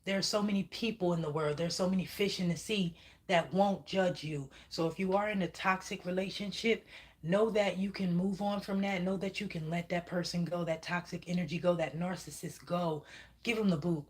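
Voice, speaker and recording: Woman, spiritual reader on a livestream. Slightly low voice, emphatic, keeps checking in with "okay?", curses when she gets heated. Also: steady tone, moderate pace. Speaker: spiritual reader channeling messages. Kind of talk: livestreamed psychic reading.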